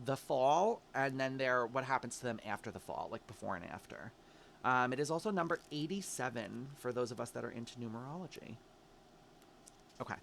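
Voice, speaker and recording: A chatty man reads tarot cards for his viewers in an easy, encouraging way. His pitch sits in the middle range, and he sweetens his pep talk with pet names. A faint hiss runs under the recording. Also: creaky, fairly bright tone. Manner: chatty, encouraging, calls listener babe. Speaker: tarot reader. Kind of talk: casual tarot reading.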